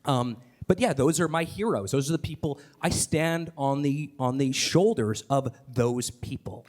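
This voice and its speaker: Enthusiastic man with a middle-pitched voice. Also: a little mellow. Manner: enthusiastic, rapid, with fillers, restarts and casual swearing. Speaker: podcast host and guest speaker. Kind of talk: live onstage conversation.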